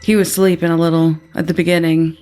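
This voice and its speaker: Halting woman at a tabletop game. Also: fairly low pitch, level tone, dark tone, soft background music. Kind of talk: casual game chat.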